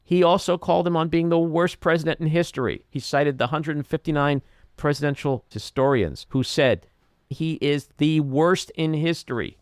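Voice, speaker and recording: A man's voice: dry recording, clean studio sound. A man hosting a podcast, delivering an emphatic political commentary monologue and acting out quotes. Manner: emphatic, acts out quotes with rising pitch. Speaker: podcast host.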